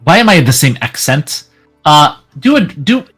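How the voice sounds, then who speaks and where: A man's voice: on the high side, very animated, moderate pace, a bit bright, slightly rough, soft background music. Young guy gm-ing a tabletop game, lots of ums, bouncy voice. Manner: hesitant, lots of uh and um. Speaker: game master.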